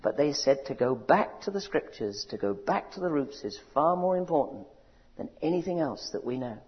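A man preaching a sermon, building to loud rousing cries and asking his audience questions. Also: on the high side, sing-song, moderate pace. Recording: dull recording in a large reverberant hall.

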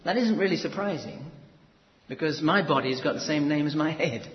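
A man preaching an expository Bible teaching in a measured, explanatory way, leaning on emphatic repetition. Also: fairly high pitch, animated. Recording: echoey, dull hall recording with faint background noise.

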